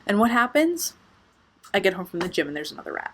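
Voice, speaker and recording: Young woman, storytime vlogger; lively, swears casually, very expressive. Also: mid-range voice, fast. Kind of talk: storytime vlog.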